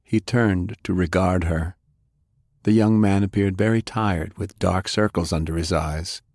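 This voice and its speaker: Brief: audiobook narrator, male, measured, very low voice, dry close sound. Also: fairly even intonation, a little mellow, no room sound.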